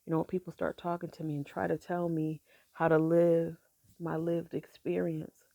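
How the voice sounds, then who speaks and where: A middle-aged woman with a gravelly, mellow voice tells a personal story. She speaks softly and haltingly, pausing often between thoughts, and the sound is close and dry. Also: low voice, flat delivery, no room sound. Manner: halting, soft-spoken, with many pauses and fillers. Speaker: grieving mother sharing her story.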